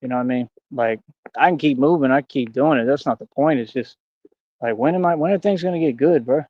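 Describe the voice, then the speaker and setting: A man's voice: a little high, brisk, no echo, dull audio. Rambling aggrieved man on a livestream. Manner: rambling, aggrieved, preachy, slangy. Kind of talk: casual livestream rant. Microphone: streaming mic.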